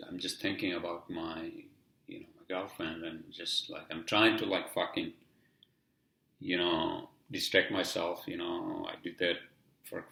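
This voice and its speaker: A man's voice: deep voice, creaky, a bit bright, roomy sound. A man with a heavy accent hosting a podcast alone, rambling casually and swearing often, with many "you know" fillers. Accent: heavy non-native English accent. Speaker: podcast host. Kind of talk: casual solo podcast monologue.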